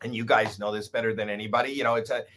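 A man in his sixties, a guest comedian telling a story in casual chat, animated, swearing and poking fun at himself. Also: on the low side, rapid-fire. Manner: animated, profane, self-deprecating.

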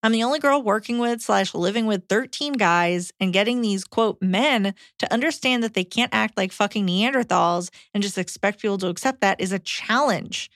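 A woman co-hosting a podcast, reading listener letters aloud in a brisk, blunt way. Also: medium pitch, fairly bright tone, no echo, studio quality.

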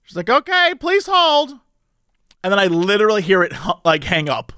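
A man's voice: high voice, fast talker, clear, resonant tone, no room sound, clean studio sound. A man telling a long story in casual chat, laughing often and acting out the people in it. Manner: animated, laughing often, mimics others in the story.

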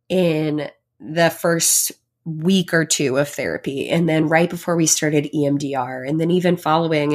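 A pregnant woman hosting her own podcast, talking in a heartfelt, reflective way, chatty and full of fillers. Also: deep voice. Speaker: podcast host. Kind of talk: personal solo podcast.

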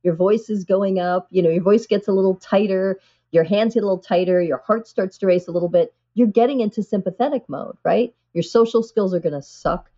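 A woman's voice: medium pitch, fairly quick, mellow, highs cut off. A woman psychiatrist, a guest on an interview show, explaining things earnestly and with animation, often saying "you know".

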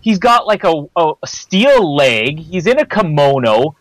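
Brief: lively podcast host, man, slightly high voice, dry close mic. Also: a little slow, no echo, rough recording. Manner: animated, questioning, laughs often. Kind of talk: casual film discussion.

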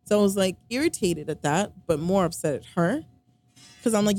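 A woman's voice: mid-range voice, lively intonation, brisk, a little mellow, soft background music. A woman casually telling a personal story, rambling with lots of fillers and quoting what others said. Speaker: storyteller recounting a relationship. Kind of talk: casual conversation.

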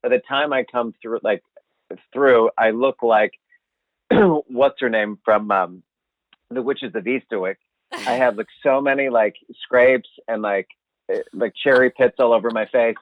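A man telling a funny story in a casual chat, animated and swearing, acting out what he said at the time. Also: mid-range voice, a little slow, no room sound. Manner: animated, swearing, acts out his own quotes. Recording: dry, phone-like sound.

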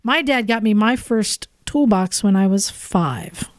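A woman's voice: medium pitch, lively intonation, unhurried, no room sound, clean studio sound. A woman hosting a casual podcast chat, reading listener emails aloud in an upbeat, chatty way with asides. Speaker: podcast host.

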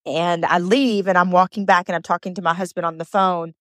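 A woman's voice: fairly low pitch, steady tone, a little fast, no echo. Earnest woman, dry close mic. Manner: emotional, earnest, stumbles and repeats words. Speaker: podcast host. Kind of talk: heartfelt solo podcast monologue.

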